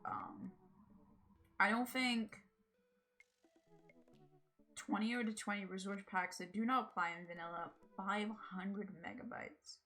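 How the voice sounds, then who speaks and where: Bright-voiced woman streamer chatting. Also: medium pitch, fairly even intonation, takes it slowly, long pauses, soft background music. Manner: chatty, laughing, swears freely. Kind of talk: casual gaming livestream chat.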